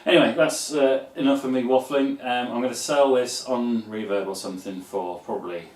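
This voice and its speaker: A man's voice: medium pitch, steady tone, moderate pace, a little mellow, a little hiss or hum. A man presenting a guitar in a casual, rambling way, with many ums and asides. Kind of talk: casual talk to camera.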